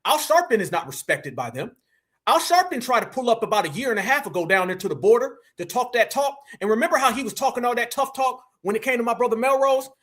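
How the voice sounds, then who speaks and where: A man's voice: very high-pitched, expressive, quick pace, fairly bright tone. A man hosting a reaction commentary, mocking and taunting in slangy street talk. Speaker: commentary host.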